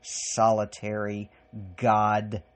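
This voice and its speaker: Very slow, halting man. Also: on the low side, monotone, smooth. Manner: slow, halting, with long pauses; raw and profane. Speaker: podcast host. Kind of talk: personal spoken essay.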